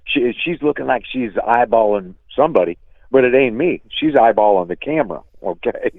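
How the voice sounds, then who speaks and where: A man with a gravelly, rough-edged voice spins an animated, salty story, calling his listener "dude" along the way. His voice comes through a thin, phone-like line with no room sound around it. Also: medium pitch, normal speed, dry recording. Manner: animated, profane, peppers talk with "dude". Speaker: guest musician. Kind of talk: casual storytelling. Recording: tinny phone line, dry.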